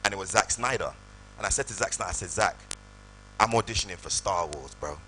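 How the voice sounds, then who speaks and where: A man, telling animated stories on stage at a live event. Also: low voice, fast, slight background noise, rough recording. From United Kingdom. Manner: animated, acts out voices in anecdotes. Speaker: guest actor. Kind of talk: storytelling on stage. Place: live event hall with audience.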